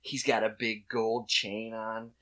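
A man in casual comedic chat, telling an animated story and slipping into put-on voices. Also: lowish voice, slow.

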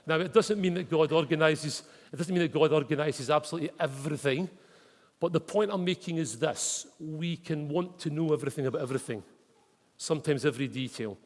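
A man's voice: a little high, brisk. A Scottish man preaching a chatty storytelling sermon, dropping in local words like wee and mate. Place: church hall with congregation. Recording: long reverb of a church hall.

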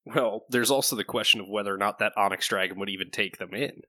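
Bright-voiced male game master. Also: lowish voice, quick pace, dry recording. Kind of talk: narrating a tabletop game.

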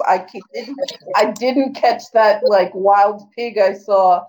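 A woman's voice: medium pitch, slow, darkish tone, rough recording. A middle-aged woman in casual chat who laughs often and slips into playful mock voices.

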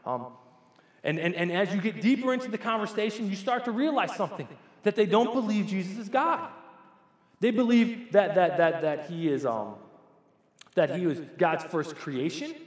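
High-voiced man preaching in an echoey hall. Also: lively intonation, moderate pace. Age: 40s. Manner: conversational, addresses the congregation directly with questions. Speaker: pastor. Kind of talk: sermon. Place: church sanctuary. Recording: echoey church hall with long reverb.

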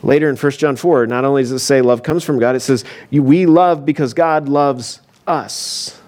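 A man's voice: mid-range voice, normal speed, darkish tone. A man preaching a conversational sermon as a pastor, telling the story casually with frequent asides and fillers. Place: church.

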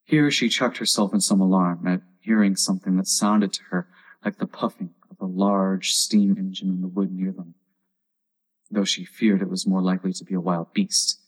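A man narrating a storybook poem aloud in a steady, measured manner. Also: low-pitched, breathy edge.

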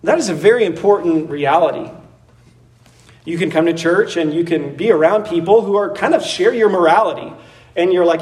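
A man preaching a sermon in a conversational, animated way, laughing and acting out voices as he goes. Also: high voice, normal speed, distant mic. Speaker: pastor. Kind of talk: expository sermon.

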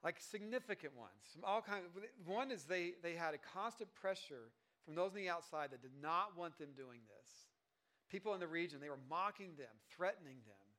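A man's voice: fairly high pitch, expressive, normal speed, sharp tone. A male pastor giving a sermon in a casual, conversational way, with joking asides and lots of fillers and restarts.

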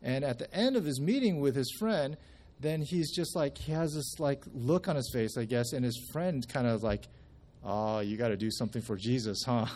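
A man's voice: medium pitch, expressive, moderate pace, a little mellow, slight background noise. A man giving a casual church testimony, telling a story in a conversational way with many restarts and acting out the quoted speech. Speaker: church member sharing at a service.

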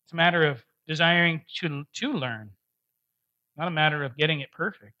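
A man with a fairly high, bright, forceful voice gives a conversational sermon. He tells a personal story with animated, self-deprecating humor and laughs often as he goes. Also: a little fast, dull audio. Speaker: pastor.

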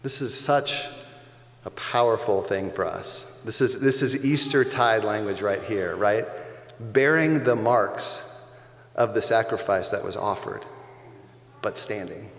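A man's voice: fairly low pitch, slow pace, a bit bright. A male pastor giving a sermon in a conversational, emphatic way, repeating key phrases for weight. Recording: echoey church hall with long reverb.

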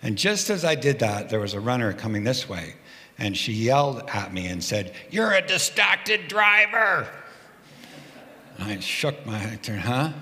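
A man preaches a sermon in a reverberant church hall, his voice carrying a long tail of echo. He speaks in a conversational storytelling way, warm in rhythm and lightly humorous about himself. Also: on the low side, expressive, normal speed. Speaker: pastor.

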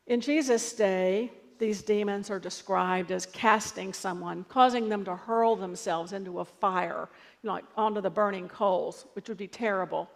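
A woman's voice: mid-range voice, normal speed, vocal fry, long reverb tail. A woman pastor giving a sermon in a conversational, storytelling way.

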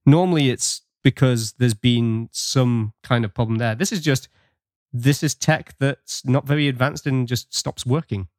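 A man's voice: mid-range voice, steady tone, measured pace, a little mellow, no echo, clean studio sound. A man co-hosting a podcast in casual chat, enthusiastic and breaking into small laughs as he recaps. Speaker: podcast co-host.

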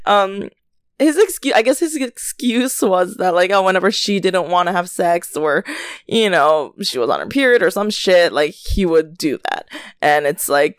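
Young woman podcaster ranting casually, lots of likes and laughs, swears a lot, mid-pitched, dry close sound. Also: no echo. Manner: chatty, animated, swears freely, laughs often, many fillers. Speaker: podcast host. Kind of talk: casual chat, storytelling rant.

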